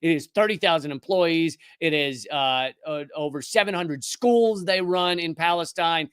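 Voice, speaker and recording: A man with a fairly high, smooth, resonant voice hosts a live commentary show. He talks in a sarcastic, rapid-fire way and restarts his sentences often. The sound is dry and close, with no room echo. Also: a bit bright. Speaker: political commentary host. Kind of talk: live news commentary monologue.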